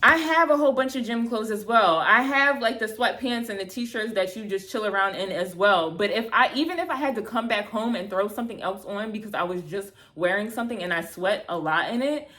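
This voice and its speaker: A woman in her thirties telling a bad-date story to camera, animated and exasperated, acting out both sides of the conversation, with lots of "like" and casual swearing. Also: mid-range voice, a little fast, hardly any pauses. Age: 30s. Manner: heavy filler "like", casual swearing. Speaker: vlogger. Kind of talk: storytime vlog, casual retelling.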